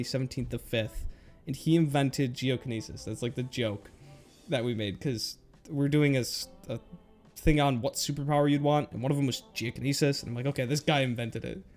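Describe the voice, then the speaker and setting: A man's voice: mid-range voice, darkish tone. Young guy rambling over his old school slides on webcam, laughs a lot, faint music behind. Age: young adult. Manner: rambling, self-mocking, laughs often. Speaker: YouTuber. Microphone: webcam recording.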